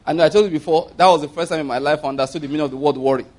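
A middle-aged Nigerian man delivering a sermon, his voice sitting a little higher than most men's. He preaches in a loose, conversational way, repeating phrases for emphasis. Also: racing, darkish tone. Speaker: pastor.

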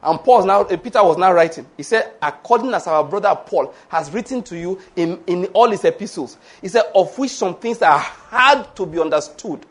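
A man preaching a sermon, animated and humorous, laughing often and acting out the voices he quotes. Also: high voice, moderate pace, hardly any pauses.

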